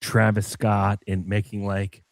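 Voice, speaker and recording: A man's voice: lowish voice, monotone, a little slow, vocal fry, no echo, studio quality. Teasing, joking man on a podcast. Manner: teasing, joking, laughs often. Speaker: podcast co-host. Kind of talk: casual podcast chat.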